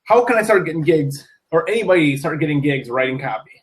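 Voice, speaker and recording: A man interviewing in a casual chat, asking long, halting questions. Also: fairly high pitch, expressive. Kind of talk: casual conversation.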